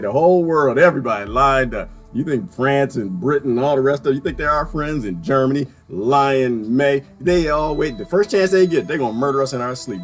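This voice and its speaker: A man giving a ranting solo political commentary, sarcastic and animated, often jumping into high mocking voices. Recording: faint music behind.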